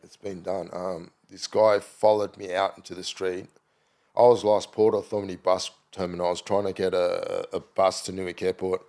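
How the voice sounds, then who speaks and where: A man's voice: deep voice, level tone, normal speed, darkish tone. A middle-aged Australian man, a podcast guest, telling loose anecdotes in casual chat with lots of fillers and restarts. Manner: rambling anecdotal storytelling with many fillers.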